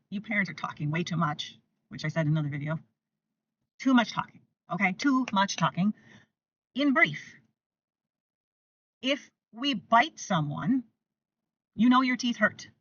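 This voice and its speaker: An older woman gives firm, repetitive parenting advice in a mid-pitched voice. She sounds a little off the mic, and the recording is dull and muffled. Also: husky, distant mic. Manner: emphatic and repetitive, acts out gentle scripts for toddlers. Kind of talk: direct-to-camera parenting advice.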